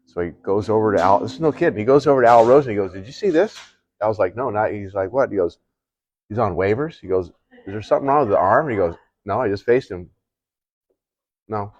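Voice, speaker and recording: An older man, a retired baseball pitcher, telling his career stories in casual chat and acting out the lines of the people in them. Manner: animated, acts out other people's lines in quotes. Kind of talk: casual storytelling. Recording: dull lo-fi sound.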